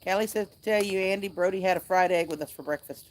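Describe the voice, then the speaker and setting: A woman's voice: medium pitch, fast talker, a little hiss or hum. A woman hosting a casual outdoor livestream by a fire, chatting and reading viewer comments aloud. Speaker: livestream host.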